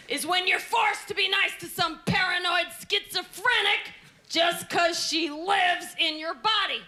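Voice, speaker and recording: A woman's voice: extremely high pitch, very animated, slow pace, pushed and bright. A woman doing a stand-up comedy routine on stage, brashly insulting the audience. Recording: live show with audience laughter and noise.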